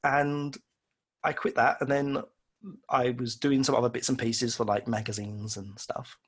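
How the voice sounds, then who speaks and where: An illustrator guesting on an interview, this man speaks in a mid-range, flat, unhurried voice with a breathy edge. He tells casual, rambling, self-deprecating stories, acting out the voices of the people he quotes.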